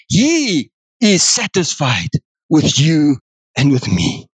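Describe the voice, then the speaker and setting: A man with a South African accent preaching a sermon in an animated way, acting out God's words. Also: a little high, takes it slowly, slightly rough, no room sound. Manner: animated, acts out God's words, mixes in other languages.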